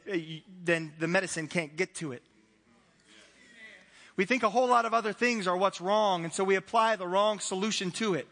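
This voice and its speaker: A man's voice: high-pitched, fairly bright tone. A man preaching a conversational sermon as pastor, acting out little dialogues and chuckling as he goes. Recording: reverberant hall.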